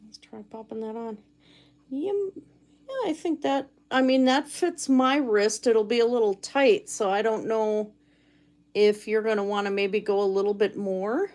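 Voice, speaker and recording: A woman's voice: a little high, measured pace, a little mellow. A woman live streaming from her cabin, chatting casually and reading viewer comments aloud while she makes chainmaille jewelry. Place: home cabin.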